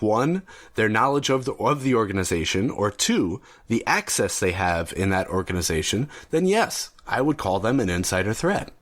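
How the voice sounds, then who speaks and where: A man hosting a solo podcast, talking casually and rambling a bit with fillers and restarts. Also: medium pitch. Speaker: podcast host.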